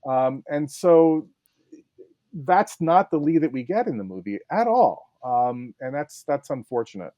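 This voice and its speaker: A man's voice: on the high side, very animated, a little slow, dark tone, dry recording, muffled recording. A male historian talking in a casual podcast discussion, thoughtful and hesitant with frequent fillers. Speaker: historian guest.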